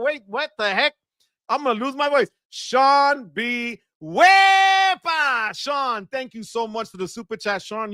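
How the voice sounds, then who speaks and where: A man hosting a live stream, excitedly thanking viewers one by one and often shouting out a cheer. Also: high-pitched, dry recording, studio quality. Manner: enthusiastic, shouts "wepa" often. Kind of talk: live stream super chat shout-outs.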